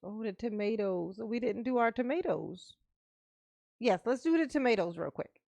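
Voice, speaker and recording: A woman's voice: fairly high pitch, expressive, moderate pace, gravelly, darkish tone, dry recording. A woman hosting her channel, chatting casually and playfully with her viewers and calling herself Mama. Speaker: channel host. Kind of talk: casual livestream sign-off chat.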